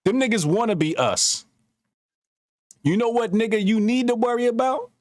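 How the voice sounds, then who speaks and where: A man co-hosting a casual podcast, talking in a profane, animated storytelling way. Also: very high voice, moderate pace, no room sound, clean studio sound. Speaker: podcast co-host.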